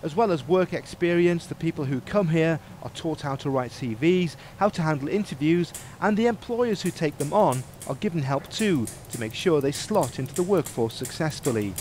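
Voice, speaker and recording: A man's voice: a little high, lively intonation, normal speed, hardly any pauses, a little mellow, a little hiss or hum. A male TV presenter narrating a local business show and bantering with his co-host. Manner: chatty, teasing banter with co-host.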